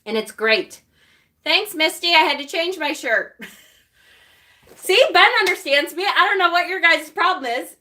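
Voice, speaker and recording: Bright chatty woman with a Rochester accent. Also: extremely high pitch, expressive, unhurried, long pauses. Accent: Rochester, New York. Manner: chatty, rambling, laughs often, answers comments. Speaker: witchcraft channel host. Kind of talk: casual livestream chat with viewers.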